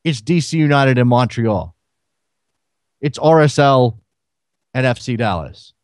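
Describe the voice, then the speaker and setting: A man's voice: medium pitch, expressive, a little slow, dry recording, studio quality. A man hosting a solo sports talk radio show, firing rhetorical questions at listeners.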